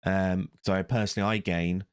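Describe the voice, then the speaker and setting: A man's voice: low-pitched, steady tone, a little fast, clean tone, no echo, clean studio sound. A young man hosting a reaction video, rambling casually with sarcastic, self-mocking asides. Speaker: YouTube reaction host.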